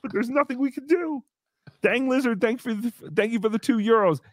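A man hosting a live show, telling a story in casual chat with animated, exasperated swearing. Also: very high-pitched, fairly quick, no room sound, studio quality. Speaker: podcast host.

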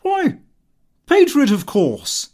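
A man voicing a blunt, cheerful middle-aged gentleman from the country in an audiobook reading. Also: very high voice, huge pitch swings, slow, pitched above the performer's own voice, full character voice. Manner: blunt, matter-of-fact remarks.

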